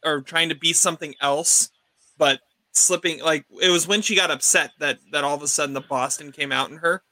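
A man hosting a casual movie podcast, talking haltingly and repeating words as he thinks. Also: on the high side, fairly even intonation, pushed and bright, no room sound. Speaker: podcast host.

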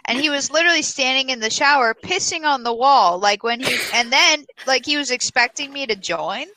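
A woman's voice: sits high, a little fast, dry recording, rough recording. Blunt woman reading a story aloud. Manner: blunt, swears freely, animated storytelling. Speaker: podcast co-host. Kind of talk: casual chat, reading a post aloud.

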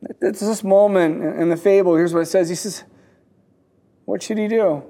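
A man telling a fable in a sermon, with a halting delivery full of repeated words and restarts. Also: sits high, fairly even intonation, dark tone.

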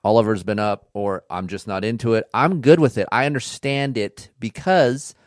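A man's voice: on the low side, moderate pace, no room sound, clean studio sound. Blunt, profane man hosting a podcast. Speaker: podcast host. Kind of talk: casual podcast chat. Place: studio.

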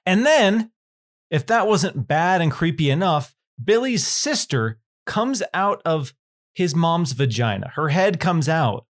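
A man's voice: on the high side, very animated, slow pace. A man co-hosting a horror film podcast, animatedly retelling scenes and laughing as he goes. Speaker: podcast co-host. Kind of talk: casual film discussion.

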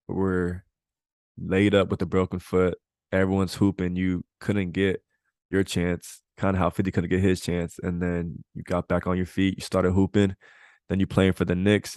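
A man's voice: deep voice, creaky, a little mellow, dry recording, clean studio sound. A man hosting a podcast interview, laid-back and slangy, laughing along with his guest. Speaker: podcast host. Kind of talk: interview questions, casual chat.

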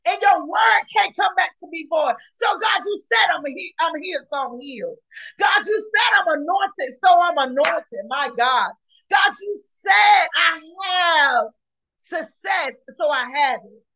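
A woman preaches a fiery podcast sermon, shouting and repeating exclamations. Her voice sits high and rings bright and forceful. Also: animated, measured pace, low-quality recording. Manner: shouting, repetitive exclamations, colloquial.

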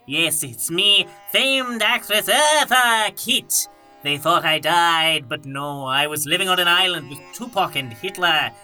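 Someone impersonating a slow, drawling, grand old actress. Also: mid-range voice, lively intonation, bright, forceful tone, faint music behind. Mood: grandly. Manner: slow, theatrical drawl with a wandering accent. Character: grand, eccentric aging actress hosting hippie cabins.

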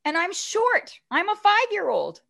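A woman in her fifties, a guest telling a personal story in an animated, chatty way, often checking in with "right?". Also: very high-pitched, measured pace, vocal fry.

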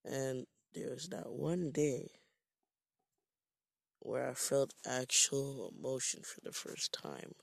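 A man's voice: medium pitch, fairly even intonation, slow pace, gravelly, husky, dry recording, studio quality. A man from Jamaica telling a rambling, profane, self-mocking story in a casual monologue.

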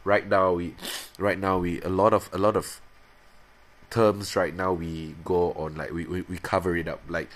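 A man in his thirties hosting a podcast, casually confessing in a halting, rambling way with many restarts, jumping into high playful voices when imitating himself. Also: little pitch movement. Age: 30s. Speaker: podcast host.

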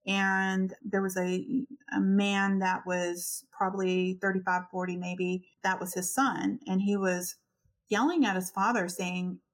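A woman's voice: mid-range voice, measured pace. A woman co-hosting a podcast, telling stories in casual conversation, acting out the quotes and laughing often. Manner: animated storyteller, acts out quotes, laughs often. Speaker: podcast co-host.

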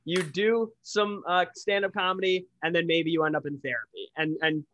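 Foul-mouthed podcast guy ranting, kinda high voice, muffled lo-fi sound. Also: fairly even intonation, moderate pace, fairly bright tone. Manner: blunt, profane, ranting. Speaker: podcast co-host. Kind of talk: casual podcast chat.

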